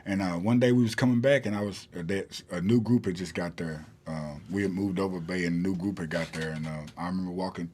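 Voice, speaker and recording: A man's voice: deep voice, steady tone, fast, hardly any pauses, a little mellow, a little hiss or hum. A man, a podcast guest telling a long story in a rambling way with many fillers and restarts. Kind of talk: casual storytelling in an interview.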